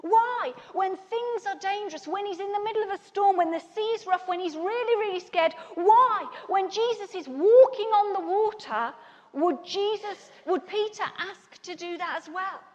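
A woman preaching a sermon, telling a personal story with animated, acted-out dialogue. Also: very high-pitched, moderate pace, lo-fi sound. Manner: animated storytelling, acting out others' lines. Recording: long reverb in a large hall.

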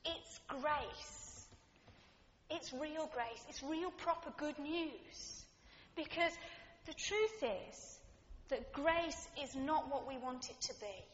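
A woman's voice: sits high, takes it slowly, a bit bright. A woman preaching a sermon, earnest and reflective, building her points through repeated rhetorical phrases. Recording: dull, reverberant hall recording.

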